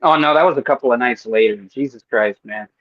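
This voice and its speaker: A man co-hosting a podcast, telling stories in a casual, profane, animated way. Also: mid-range voice, fast, dry recording, lo-fi sound. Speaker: podcast co-host. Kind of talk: casual storytelling chat.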